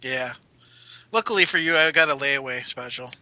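Bright-voiced joking male player. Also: mid-range voice, normal speed, no room sound. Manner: joking, casual. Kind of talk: tabletop role-play. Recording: dull lo-fi.

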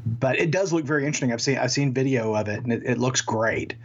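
A man with a husky, slightly breathy voice talks in a loose, rambling way, cracking jokes as he co-hosts a casual podcast. His sound comes through a remote call and is a little dull and muffled. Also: medium pitch, fast. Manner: chatty, rambling, jokey. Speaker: podcast co-host. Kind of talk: casual chat. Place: home in Texas.

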